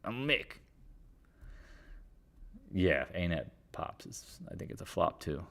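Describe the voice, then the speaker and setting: A stock market livestream host with a low, creaky voice chats casually about markets at normal speed, rambling and joking offhandedly, letting slip the occasional swear word.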